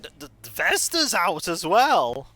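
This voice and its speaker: Lively, bright-voiced woman streamer. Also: lowish voice, unhurried, dry recording, faint music behind. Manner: chatty, reacts aloud while reading game dialogue. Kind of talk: casual gaming commentary.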